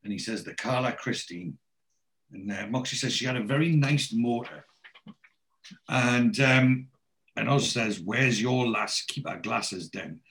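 A man's voice: mid-range voice, a little slow, a bit bright. A man in casual chat, rambling through a TV episode and quoting the characters in his own voice.

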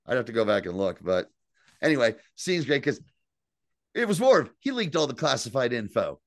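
A man co-hosting a podcast, recapping an episode in casual, profane, animated chat. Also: mid-range voice, normal speed, no room sound, clean studio sound. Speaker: podcast co-host.

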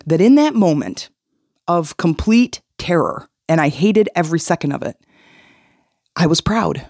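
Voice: medium pitch, measured pace, no room sound. Dry-voiced podcast host telling a story. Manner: animated, acts out quoted voices. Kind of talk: personal storytelling.

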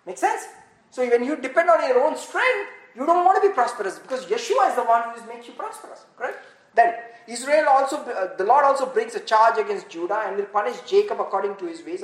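A Bible teacher leading an informal study, animated and often laughing at their own points, checking in with listeners. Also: medium pitch, fairly quick. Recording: echoey room.

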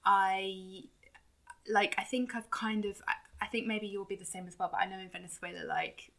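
A woman's voice: mid-range voice, steady tone, moderate pace, vocal fry, fairly bright tone. A woman, chatting casually and candidly with lots of "like" fillers. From England. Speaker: conversation partner. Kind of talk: casual chat.

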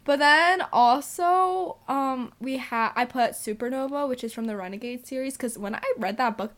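A woman's voice: sits high, moderate pace, a bit bright. A young woman co-hosting a casual podcast chat, gushing about books and movies in run-on bursts full of fillers. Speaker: podcast co-host.

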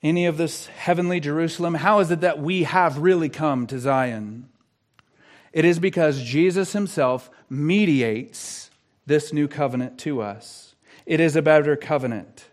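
An earnest male pastor preaching a sermon in a slightly higher-than-usual voice. He drops to a hushed tone for questions and lifts to emphatic declarations. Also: unhurried.

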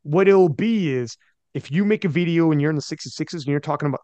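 A man hosts a podcast in loose, animated talk full of slang and quick impressions of others. His voice sits a little high. The sound is close and dry. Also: no echo. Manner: animated, slangy, mimics people he talks about. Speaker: podcast host. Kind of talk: casual podcast chat.

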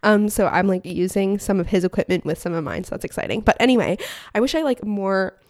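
A woman's voice: medium pitch, brisk, a little mellow, dry recording. Young woman chatting on her podcast mic at home, bubbly, says like a lot, dry close sound. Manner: bubbly, chatty, full of "like" fillers. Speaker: podcast host. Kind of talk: casual solo podcast chat. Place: home room. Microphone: podcast mic on stand.

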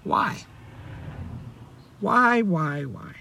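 Speaking very slowly with vocal fry, this young podcast host has a high, pushed, bright voice and lively intonation, with slight background noise. He rambles cheerfully on his solo show, correcting himself and tossing out rhetorical questions.

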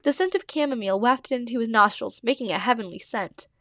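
A woman reads her old fanfiction aloud as host, breaking in often with giggly, self-mocking asides. Her voice sits fairly high. The sound is dry and close, with no room echo. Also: fast talker, a bit bright. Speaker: podcast host. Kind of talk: reading own old fanfiction with commentary.

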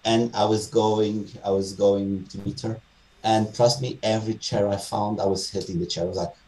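Low mellow voiced portuguese guy rambling on a podcast, kinda far from the mic. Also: steady tone, normal speed. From Madeira, Portugal. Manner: enthusiastic, rambling with many restarts and fillers. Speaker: podcast guest, game streamer. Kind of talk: casual interview chat.

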